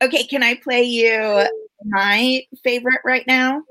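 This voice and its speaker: A woman's voice: a little high, steady tone, unhurried, bright, forceful tone, dry recording. A woman co-hosting a casual podcast chat, telling stories eagerly and laughing often. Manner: giggly, enthusiastic storyteller. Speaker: podcast co-host.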